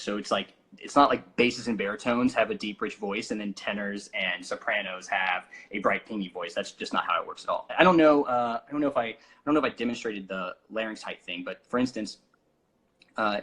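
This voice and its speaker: Young male vocal coach, casual teacher with lots of ums, bright edge, a little husky. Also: fairly low pitch, poor audio. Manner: explains with demonstrations, many fillers.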